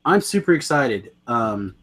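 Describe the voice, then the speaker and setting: A man's voice: mid-range voice, big pitch swings, a little slow, a bit bright. Rambling, enthusiastic male podcast co-host. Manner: rambling, self-correcting, enthusiastic. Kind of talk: casual chat about card games.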